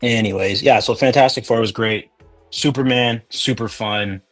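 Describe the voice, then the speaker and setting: A man's voice: mid-range voice, moderate pace, a bit bright, faint music behind. A man hosting a casual chat, rambling and joking through tangents.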